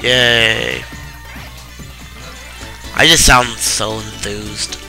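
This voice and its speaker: A tired young man giving casual, sarcastic commentary while playing a video game, swearing freely in a deadpan way. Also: lowish voice, a little slow. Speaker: let's play commentator. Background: game music.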